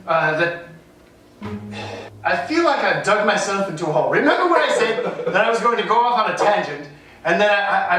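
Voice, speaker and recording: A man's voice: high voice, pushed and bright. A man, a street artist, chatting as an interview guest in a rambling, self-deprecating way that keeps wandering off on tangents. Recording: echoey room, distant mic, music.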